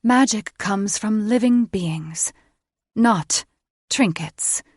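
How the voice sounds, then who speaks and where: A woman's voice: mid-range voice, unhurried, darkish tone, breathy edge, dry recording, studio quality. A woman voicing a haughty fae queen in an audiobook, speaking with clipped, imperious commands. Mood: cold commanding. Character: haughty regal fae queen, cold and condescending. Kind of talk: audiobook character voice.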